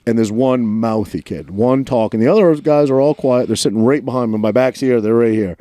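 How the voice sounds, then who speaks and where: A man's voice: mid-range voice, brisk, dark tone, dry recording. A man, telling a story in a casual podcast chat and acting out the lines he quotes. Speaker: podcast co-host.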